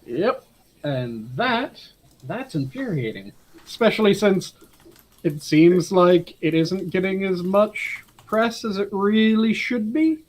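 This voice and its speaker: Terse man, fairly high voice. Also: animated, slow, a little mellow. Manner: terse, blunt agreeing. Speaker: podcast co-host. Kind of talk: casual chat.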